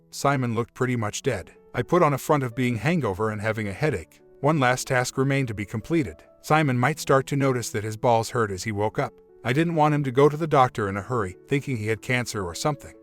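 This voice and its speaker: Man reading a story steadily. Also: mid-range voice. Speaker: story narrator. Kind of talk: scripted narration.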